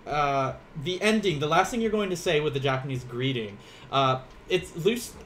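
A man's voice: on the high side, normal speed, fairly bright tone, slight background noise. Chatty man teaching Japanese. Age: 30s. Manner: chatty, rambling, laughs often, eats while teaching. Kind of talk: casual live-streamed language lesson.

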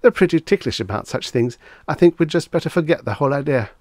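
A jittery, foppish young gentleman, as a male narrator puts him on, his voice climbing high as he stammers out excuses. He sounds flustered and eager to get away. The recording is dry and close. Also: expressive, fast, no echo, natural voice. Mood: uneasy. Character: nervous foppish young man-about-town.

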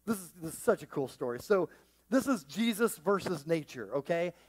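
A male pastor preaching a sermon to his congregation, animated and joking, swinging between hushed and loud. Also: on the high side, normal speed, slightly rough. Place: church with a live congregation.

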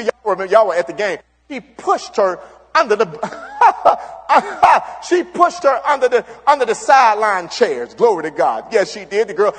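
Fervent high-voiced preacher. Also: male voice, slightly rough. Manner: fervent, repeats catchphrases and interjections. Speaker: pastor. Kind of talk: sermon. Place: church sanctuary. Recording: long church hall reverb.

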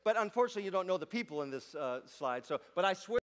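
High-voiced comedian man telling stories. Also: fast. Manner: playful, chatty, deadpan asides. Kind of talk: stand-up comedy storytelling. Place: stage before a live audience.

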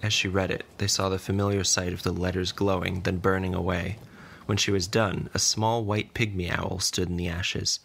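A man narrating a fantasy story in an even storytelling delivery. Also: low-pitched, normal speed, creaky, husky.

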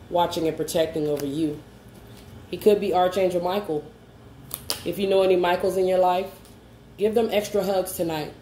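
A woman's voice: on the low side, warm tone. A woman doing a spoken tarot reading to camera. She is reassuring and coaxing, and keeps checking in with "okay?". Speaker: tarot card reader. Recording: roomy echo, faint background hum.

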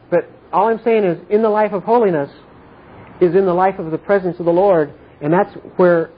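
A man with a high, husky voice teaches an informal Bible study, going back over his points and checking that everyone follows. The sound is thin and tinny, like a phone line. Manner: earnest, repetitive explaining with frequent checks for understanding.

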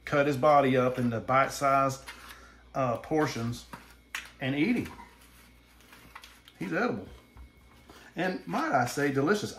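This cooking channel host is a middle-aged man from the American South whose medium-pitched voice has a fairly bright tone. He rambles through his home cooking vlog in a folksy, self-deprecating manner, first indoors in his kitchen and then at the grill.

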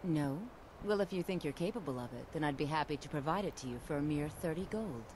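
A woman's voice: sits low, expressive, fast talker, darkish tone, a little hiss or hum. An actress playing a formal, long-winded female mage who guides a new student at a college, speaking with courteous wording. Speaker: game character, college mage.

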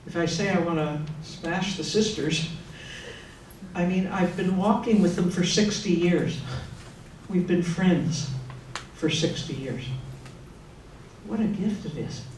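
A woman's voice: on the low side, slow, a little mellow, slight background noise. An older woman, a religious sister, giving an earnest and personal retreat talk in a conversational way. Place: retreat hall. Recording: echoey room, mic far off.

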